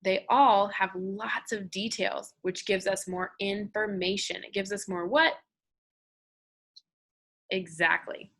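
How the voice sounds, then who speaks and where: A woman's voice: medium pitch, steady tone, slow pace, fairly bright tone. A woman teaching an art lesson to children, leading call-and-response chants with hand movements.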